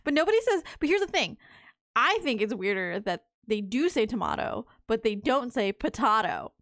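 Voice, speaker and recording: A young woman with a slightly high voice, rambling through a live game stream. She talks casually and drifts off topic, breaking into swearing when something frustrates her. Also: very animated, normal speed, a bit bright, no echo, clean studio sound. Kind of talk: casual live-stream commentary while playing.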